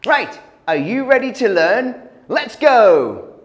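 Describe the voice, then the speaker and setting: A man's voice: extremely high pitch, big pitch swings, takes it slowly, big-room sound. A man teaching English vocabulary to children, sounding out letters and animal noises.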